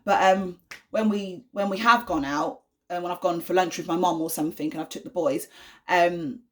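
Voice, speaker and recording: Woman, young, slightly low voice, earnest, reassuring, chatty vlog talk, lots of fillers. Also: steady tone, normal speed. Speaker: vlogger, mother of an autistic son. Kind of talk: casual talk to camera.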